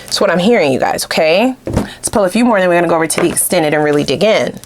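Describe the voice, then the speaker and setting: A woman giving a casual tarot reading to her viewers, animated and blunt, swearing freely and laughing often. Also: fairly low pitch, quick pace, noisy background. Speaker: tarot reader.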